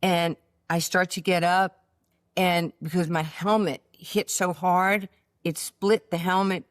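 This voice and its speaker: A woman, a guest telling lively stories from her childhood in a casual chat, full of fillers and restarts. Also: lowish voice, no echo, studio quality. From New York. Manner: animated storyteller with many fillers and restarts. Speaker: interview guest.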